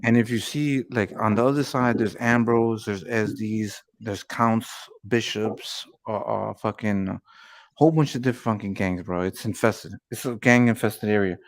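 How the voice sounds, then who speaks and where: A man's voice: fairly low pitch, fairly even intonation, normal speed. A man in casual chat, telling rambling stories full of swearing and constant "you know what I'm saying" fillers.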